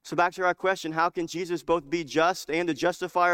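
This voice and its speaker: A man's voice: fairly high pitch, fairly even intonation, a little fast, few pauses, fairly bright tone, smooth. A man preaching a sermon, telling a story and rising into fervent, emphatic preaching.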